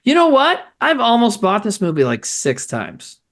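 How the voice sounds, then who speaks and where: A man with a slightly higher-than-usual voice, co-hosting a loose, casual chat about movies. He rambles, backtracks and swears freely, laughing as he goes. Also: wildly swooping pitch, normal speed, a bit bright. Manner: rambling, laughing, swears a lot, many fillers. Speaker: podcast co-host.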